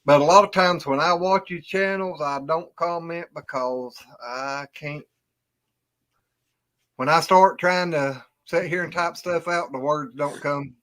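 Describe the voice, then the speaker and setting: A man's voice: a little high, measured pace, a bit bright. A man chatting in a rambling way, chuckling as he talks. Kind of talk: casual chat on a video call.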